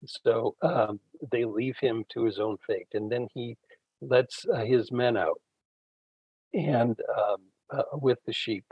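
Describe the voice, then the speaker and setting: A man, a Bible scholar guest, retelling ancient stories in an unhurried conversational way with frequent fillers. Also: mid-range voice, husky, no room sound, highs cut off. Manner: unhurried storytelling, frequent fillers, acts out quoted characters.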